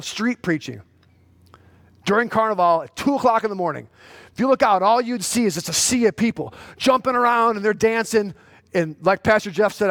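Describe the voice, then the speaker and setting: A man preaching a sermon as pastor, swinging from hushed storytelling to loud, urgent exhortation. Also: high-pitched, no echo.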